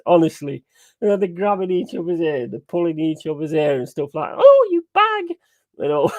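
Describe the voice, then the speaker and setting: A man chatting casually and excitedly over a live match, swearing freely and rambling through stories. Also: medium pitch, vocal fry. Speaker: watch-along streamer.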